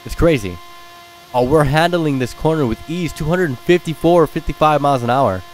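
A man giving excited, slangy gameplay commentary as a gaming YouTuber, calling out speeds as he drives. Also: fairly high pitch, moderate pace.

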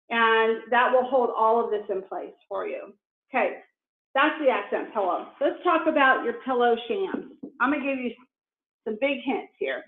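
Woman, middle-aged, quilting instructor, enthusiastic, higher voice, echoey room. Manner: enthusiastic, shows pieces up to the camera. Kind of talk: casual craft tutorial. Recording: echoey room on a tinny, phone-like line.

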